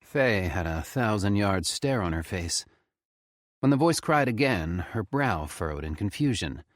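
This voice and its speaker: A man reading a horror story aloud with expressive, tense storytelling. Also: fairly low pitch, a little slow, no echo, clean studio sound. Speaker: audiobook narrator. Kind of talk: scripted horror narration.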